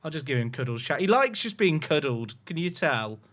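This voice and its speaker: A man's voice: on the high side, very animated, fairly quick, fairly bright tone. A man on a headset mic, talking to his livestream chat while cooing to his dog in baby talk. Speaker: game streamer.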